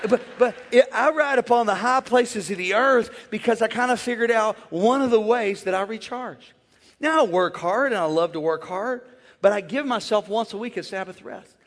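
A man who is a pastor, preaching a lively sermon and calling out to the congregation to join in. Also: sits high, normal speed. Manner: energetic, playful call-and-response with the crowd. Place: large church. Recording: long church hall reverb.

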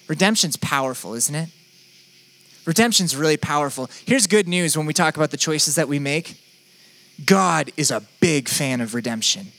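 A man's voice: on the high side, normal speed, a bit bright. A young man preaching a sermon in a conversational, playful, self-deprecating way. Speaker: pastor.

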